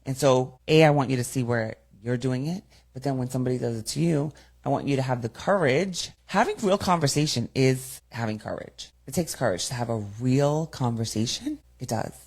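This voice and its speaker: A woman's voice: a bass voice, fairly quick, a little mellow. A woman hosting a solo podcast as a communication coach, speaking directly and repeating key phrases for emphasis.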